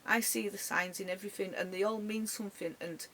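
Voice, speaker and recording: A tearful woman recording a personal vlog from her caravan bedroom, speaking haltingly with many restarts and soft, trailing words. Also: medium pitch, fairly even intonation, slight background noise. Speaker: dog owner. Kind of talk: emotional personal vlog tribute.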